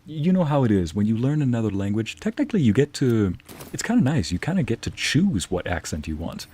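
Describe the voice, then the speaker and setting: A man's voice: mid-range voice, sing-song, fairly quick, dark tone, a little hiss or hum. A man streaming a video game, chatting casually with viewers and answering their messages, sometimes slipping into Spanish phrases. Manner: chatty, reads and answers chat aloud, drops into Spanish phrases.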